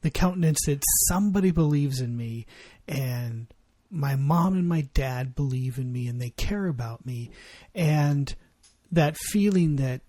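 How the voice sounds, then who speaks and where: Husky-voiced man talking earnestly. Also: medium pitch, unhurried, hardly any pauses, mellow. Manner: earnest, reflective. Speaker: podcast co-host. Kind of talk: casual chat.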